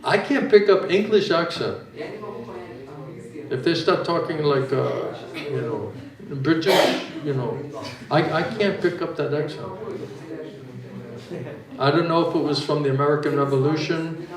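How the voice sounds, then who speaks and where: A man's voice: a little high, a little slow, long pauses, a crowd in the background. A man giving an informal spiritual talk, answering questions in a chatty, joking way. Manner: chatty, joking, conversational teaching. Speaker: spiritual teacher. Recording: echoey hall from far off, audience.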